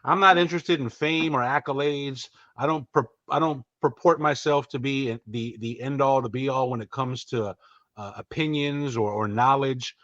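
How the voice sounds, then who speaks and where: A man's voice: medium pitch, a bit bright, dry recording. A man, a guest in a casual chat, talking earnestly and modestly with stumbling restarts. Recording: dull dry lo-fi audio.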